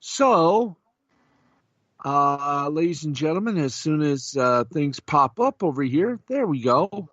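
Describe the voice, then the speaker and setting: A man's voice: a little high, very animated, slow pace, fairly bright tone, no echo, lo-fi sound. A man hosting a casual talk show, speaking unhurriedly with many filler sounds. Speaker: podcast host.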